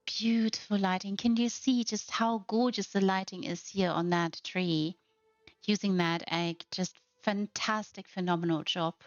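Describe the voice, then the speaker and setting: A woman's voice: mid-range voice, fairly even intonation, a little slow, no echo, lo-fi sound, faint music behind. A woman hosting a narrated house tour, gushing with effusive praise. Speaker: host.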